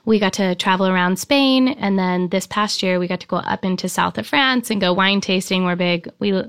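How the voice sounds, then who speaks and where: A woman's voice: medium pitch, normal speed, fairly bright tone, clean tone, no echo, clean studio sound. A woman in her thirties, a wedding photographer, chatting enthusiastically in an interview with lots of ums and likes. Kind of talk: casual interview chat.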